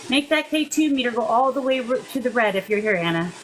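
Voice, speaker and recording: A woman hosting a paranormal investigation, gently coaxing a spirit in a soft, encouraging way and calling it "darling.". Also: on the high side, lively intonation, fast talker, slight background noise, low-quality recording. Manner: gentle, coaxing, calls the unseen listener "darling" and "sweet pea". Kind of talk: live spirit-communication session. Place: indoors beside a table of ghost-hunting gear.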